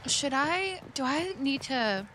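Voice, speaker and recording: A woman with a fairly high voice talks through a video game she is playing. Her commentary is chatty and rambling, openly emotional about the story. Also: animated, very slow, sharp tone, slight background noise. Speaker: let's play streamer. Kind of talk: casual gameplay commentary.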